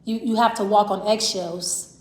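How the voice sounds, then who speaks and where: A woman's voice: mid-range voice, fairly even intonation, moderate pace. Woman tarot reader, casual and rambling, addressing the viewer directly; roomy, reverberant sound. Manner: rambling, repeats "I feel like", talks straight to the viewer. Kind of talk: casual tarot reading to camera. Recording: roomy echo.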